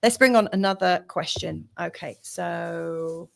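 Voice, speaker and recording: A woman's voice: fairly low pitch, takes it slowly, vocal fry. A woman hosting a live-streamed astrology reading, chatty and rambling with lots of fillers, sympathetic and encouraging toward her viewers.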